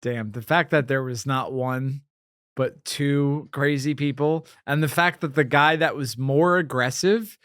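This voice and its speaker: A man's voice: medium pitch, measured pace, fairly bright tone, clean tone, no echo, studio quality. A man hosting a podcast, chatting casually and tossing in wry, jokey asides. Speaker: podcast host. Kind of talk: casual chat.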